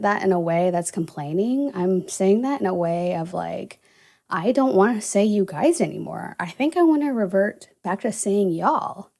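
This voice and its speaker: A woman's voice: medium pitch, creaky, mellow. A young woman from the American South, without a Southern accent, hosting a casual solo podcast and rambling with lots of "you know" and "uh". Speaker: podcast host.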